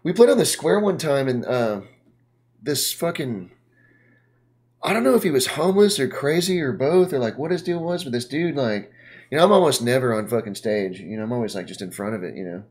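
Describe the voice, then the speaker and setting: A man chatting casually on a podcast, rambling with lots of fillers and swearing, often trailing off quietly. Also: mid-range voice, expressive, a little fast, husky. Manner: rambling, profane, trailing off into mumbles. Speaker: podcast co-host, punk singer. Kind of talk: casual chat.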